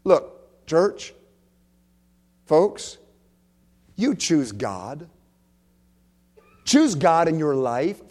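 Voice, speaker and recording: A man preaching a sermon in a church, emphatic, repeating key phrases and swinging from soft to loud. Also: fairly high pitch, big pitch swings, extremely slow, pauses often. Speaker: pastor.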